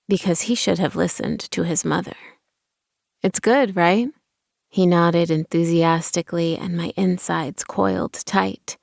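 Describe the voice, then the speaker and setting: A woman narrating a first-person audiobook in a quiet, measured reading voice. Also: on the low side, vocal fry, dry recording, clean studio sound.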